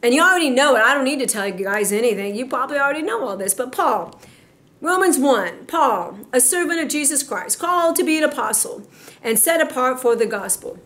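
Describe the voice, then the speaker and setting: Emphatic woman preacher, fairly high voice. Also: lively intonation, a bit bright. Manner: emphatic, exhorting, slows down to stress points. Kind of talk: sermon.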